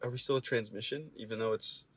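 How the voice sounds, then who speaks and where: A man's voice: medium pitch, steady tone, fast, fairly bright tone, breathy edge. A young man co-hosting a podcast in casual chat, fidgety and self-conscious, often apologizing. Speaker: podcast co-host.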